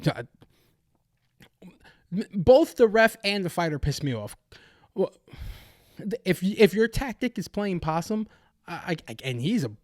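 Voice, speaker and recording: Young guy podcast host going off, swearing a lot, kinda high voice, dry close sound. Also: dry recording. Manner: angry ranting, profane, many restarts. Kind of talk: heated sports-betting commentary.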